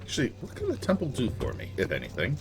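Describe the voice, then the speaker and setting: A man's voice: medium pitch, wildly swooping pitch, fast talker. A man streaming a computer game, chatting casually and thinking aloud.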